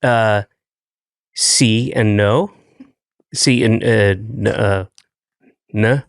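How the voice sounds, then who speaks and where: A middle-aged man hosting a podcast in casual chat, teasing his guest with a dry, deadpan manner. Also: lowish voice, very slow, vocal fry, dry recording. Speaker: podcast host.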